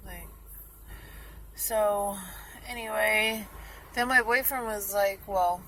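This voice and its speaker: A young woman vlogging casually, retelling a story in a chatty, animated way and acting out what people said. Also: mid-range voice, unhurried, a little hiss or hum, low-quality recording.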